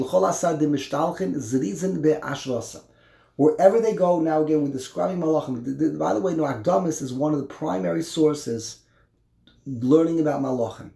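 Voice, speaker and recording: A man's voice: on the high side, vocal fry, mellow, roomy sound. A man teaching a Torah class, explaining a text line by line, often repeating and restarting words.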